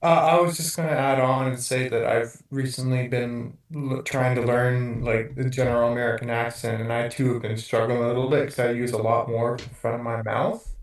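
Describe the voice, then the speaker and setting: A man in casual panel chat, speaking tentatively and hesitantly. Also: mid-range voice. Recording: very echoey, distant mic.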